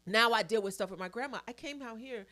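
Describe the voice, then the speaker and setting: A woman's voice: fairly high pitch, fast, bright, forceful tone. Emphatic woman near tears. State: choked up. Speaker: podcast co-host. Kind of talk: emotional personal story in casual chat.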